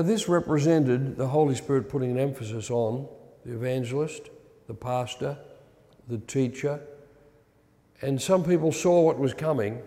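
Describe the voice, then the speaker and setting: An older man giving a measured, reflective teaching lecture as a church teacher, often pausing on "uh" and repeating words. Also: medium pitch, gravelly, dark tone, in a large hall.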